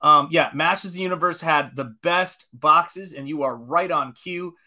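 A man's voice: fairly high pitch, normal speed, pushed and bright. A man in his forties, an artist chatting casually on a live stream while painting, enthusiastic and rambling as he greets viewers. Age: 40s.

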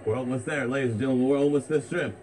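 This parody vlogger hosts a comedic vlog while walking along a busy street, hyped, out of breath, and repeating himself. His voice is mid-range and he talks at a racing pace, with loud street noise throughout.

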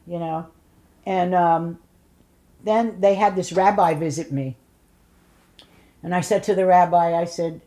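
A woman's voice: mid-range voice, measured pace, long pauses, mellow. An older woman in an oral history interview, telling blunt, funny stories and acting out what people said. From Polish immigrant family. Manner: blunt storyteller, acts out voices and curses.

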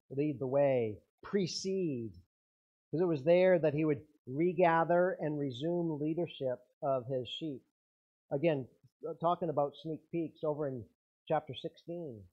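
A man's voice: on the high side, a little slow, husky, lo-fi sound. A man preaching a sermon as pastor, earnest, his intensity rising and falling.

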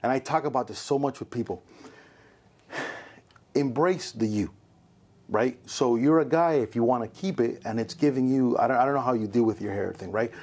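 A man hosting a casual podcast interview, telling a story with lively quoted voices. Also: medium pitch, moderate pace. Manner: bald. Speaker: podcast host.

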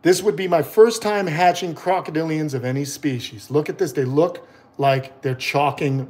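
A man with a New York accent hosting a casual live stream, chatty and excitable, rambling off into asides. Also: on the high side, normal speed, echoey room. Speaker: host of a reptile channel.

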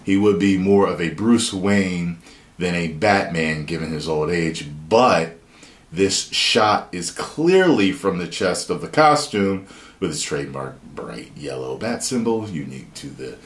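A man giving excited, profane, rambling video commentary and reading an article aloud. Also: low voice, unhurried. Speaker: YouTube commentator. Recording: roomy echo.

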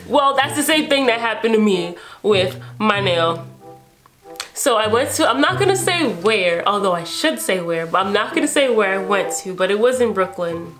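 Over background music, this young New York woman in her twenties, a beauty vlogger, chats through a story and dramatizes how she reacted. She sounds expressive and fairly bright, speaking at normal speed in a medium pitch.

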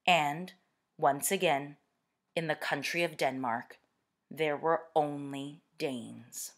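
A woman teacher reading a picture book aloud to students, expressive and deliberate. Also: low voice.

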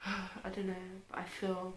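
A woman's voice: mid-range voice, completely flat delivery, a little slow, roomy sound, slight background noise, poor audio. A tired young British woman chatting casually through a clothing haul, self-mocking and muttering asides. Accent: British English. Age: young adult. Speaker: YouTuber.

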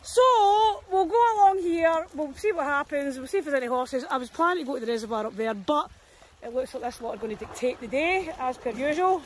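A woman's voice: high-pitched, animated, a little fast, slight background noise. A young Scottish woman chatting casually on a dog walk outdoors, scattered and self-mocking, with the odd swear. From Scotland. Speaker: dog walker vlogger. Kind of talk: casual chat.

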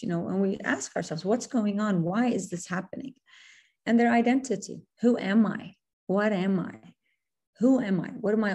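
Earnest woman speaker with a mellow voice. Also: mid-range voice. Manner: earnest, repeats and corrects herself, mixes in Arabic phrases. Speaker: workshop speaker. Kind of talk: webinar presentation to parents.

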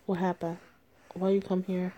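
A woman reading the lines of a stern, protective young man in a story game, with a low, husky voice. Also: little pitch movement, normal speed, warm tone, muffled recording, close to an everyday voice. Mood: scolding. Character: protective, angry young man, scolding partner.

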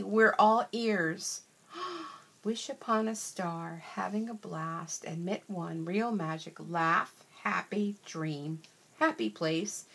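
Older woman, grandmother, breathy, mid-pitched voice, excitable, gushing, casual unboxing chat. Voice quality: wears bifocals. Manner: gushing, excitable, lots of gasps and oohs. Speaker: crafting vlogger.

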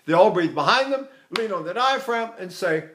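An older man leads a singing lesson with a high, bright voice. He talks with lively energy and often breaks off to demonstrate sounds. He chuckles readily as he explains technique. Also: moderate pace, slight background noise. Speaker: voice teacher.

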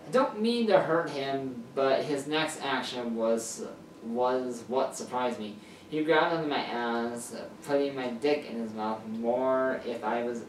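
A woman's voice: extremely low pitch, darkish tone, distant mic. A woman reading a first-person story aloud, stumbling over words and correcting herself as she goes. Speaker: story reader. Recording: echoey room, off-mic, faint hiss.

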